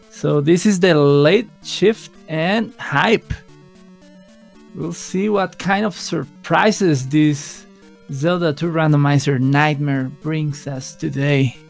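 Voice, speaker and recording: A man from Colombia commentating a live speedrun match late at night, in a relaxed, low voice with halting restarts. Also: vocal fry.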